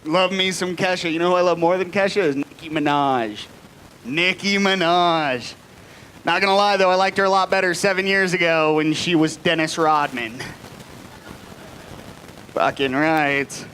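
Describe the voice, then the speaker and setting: On a live stage, a man in his late twenties performs a profane stand-up set at a moderate pace, sinking into low mutters before shouting his punchlines. A little hiss or hum sits under the recording.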